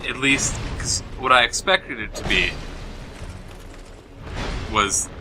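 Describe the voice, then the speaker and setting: Over game music, a man with a mid-range voice takes it slowly as he co-hosts a gaming show. Chatting casually while playing, he retells a film plot in a rambling, dismissive way, full of fillers.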